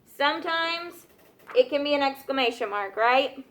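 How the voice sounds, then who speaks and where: A woman's voice: high voice, animated, normal speed, a bit bright. A woman teacher leading a grammar review in a classroom, checking in often with "okay?" and "right?". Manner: patient, checks understanding with frequent "okay?" and "right?". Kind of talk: classroom lesson.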